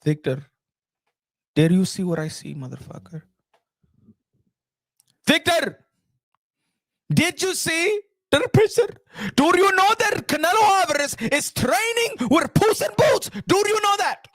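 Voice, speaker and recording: A man's voice: very high-pitched, very animated, unhurried, pauses often, no echo, studio quality, full character voice. A man doing a comic impression of a scheming, bossy middle-aged boxing promoter who barks demands and repeats himself. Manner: demanding, repeats questions, bursts into shouts.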